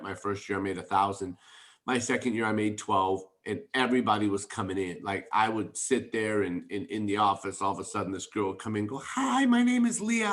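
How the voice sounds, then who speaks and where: Excited low-voiced man on a video call. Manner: excited, emphatic, storytelling. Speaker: network marketing team leader. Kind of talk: enthusiastic motivational talk on a video call.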